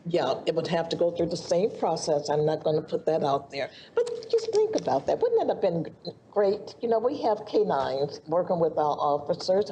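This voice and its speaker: A woman's voice: low voice, dark tone, a little hiss or hum. A woman on a city council, giving her comments at a meeting in a chatty way with laughing asides, speaking into a desk microphone in a council chamber.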